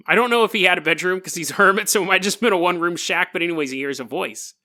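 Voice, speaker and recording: A man's voice: on the high side, quick pace, sharp tone. A man hosting a podcast, casually retelling a folk tale with joking, rambling asides. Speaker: podcast host. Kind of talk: casual storytelling.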